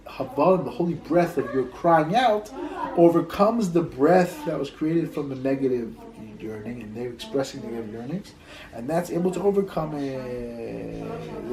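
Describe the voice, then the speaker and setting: A man's voice: medium pitch, sing-song, normal speed, vocal fry, a little mellow, poor audio. A rabbi teaching a Torah class in a loose, conversational way, telling stories, repeating words as he thinks, and dropping in Hebrew terms.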